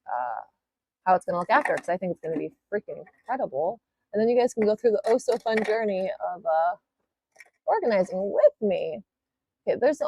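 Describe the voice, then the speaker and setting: A woman's voice: medium pitch, vocal fry, a little mellow. Chatty woman live-streaming nail tutorial. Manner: chatty, rambling, self-interrupting and apologetic. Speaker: nail art tutorial host. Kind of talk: casual live-stream chat while demonstrating. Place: home nail studio.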